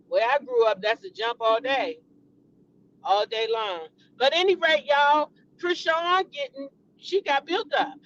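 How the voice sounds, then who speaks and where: A woman's voice: high voice, a bit bright, muffled recording, a little hiss or hum. A woman hosting a celebrity gossip show, chatting casually and animatedly to her viewers and calling them y'all.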